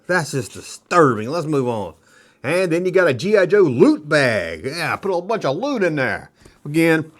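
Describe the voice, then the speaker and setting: Lively joking middle-aged male toy host. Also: a little high. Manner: joking, rambling, slips into quick kid impressions. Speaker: nostalgia toy video host. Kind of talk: casual rambling show-and-tell commentary.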